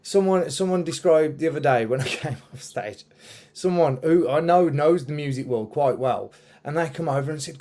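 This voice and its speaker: A man's voice: on the high side, brisk, a little mellow. A man hosting a casual interview, talking in a rambling way with many fillers and restarts. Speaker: podcast host and musician.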